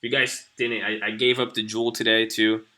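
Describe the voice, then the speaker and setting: A man's voice: fairly low pitch, little pitch movement, a little fast, sharp tone. A young man hosting a live stream, rambling casually and profanely as he talks to his viewers. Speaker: stream host.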